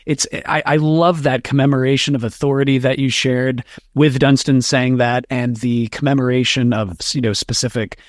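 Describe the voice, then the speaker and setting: A man's voice: medium pitch, fairly even intonation, normal speed, no echo, clean studio sound. A man hosting a podcast interview, enthusiastic and effusive. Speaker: podcast host.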